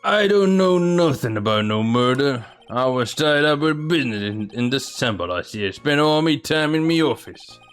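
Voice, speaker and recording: A man's voice: medium pitch, lively intonation, normal speed, hardly any pauses, smooth, soft background music, natural voice. A man voicing a tough, menacing loan shark from a video game with a put-on Brooklyn accent. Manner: menacing tough-guy growl.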